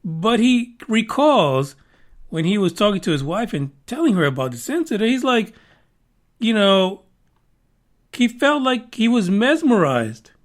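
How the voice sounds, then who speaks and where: Profane, high-voiced rambling podcast host. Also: male voice, very animated, unhurried. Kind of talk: casual podcast monologue.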